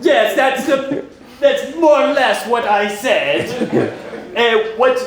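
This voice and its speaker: A man's voice: very high voice, slow, over music. A man playing a fussy male cooking teacher with a put-on Swedish accent. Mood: instructive. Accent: mock Swedish. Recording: echoey room, noise.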